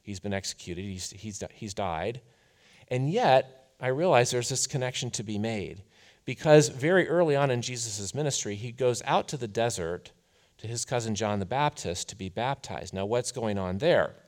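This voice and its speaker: Animated, conversational male preacher. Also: mid-range voice, normal speed. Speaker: pastor. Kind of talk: sermon.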